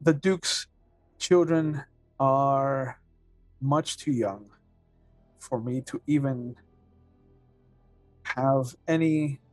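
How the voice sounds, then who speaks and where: A man doing a worn-out noble lady, in the deep voice of the man voicing her. she drags her words out and pauses a lot. very dry, close sound with no room in it. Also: dry recording, faint music behind. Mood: weary, fond. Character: weary noblewoman, a lord's sister with children.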